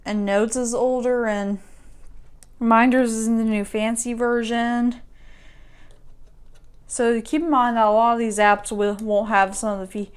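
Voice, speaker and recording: Woman tech YouTuber, casual walkthrough, clear smooth tone, rambling with constant self-corrections. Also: fairly high pitch, fairly even intonation, a little slow, pauses often. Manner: rambling, self-correcting, restarts sentences often.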